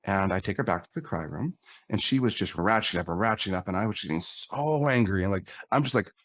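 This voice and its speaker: A man's voice: on the low side, animated, quick pace, fairly bright tone, no room sound, studio quality. A middle-aged man on a podcast, candidly telling a personal story and acting out the dialogue. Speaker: podcast guest.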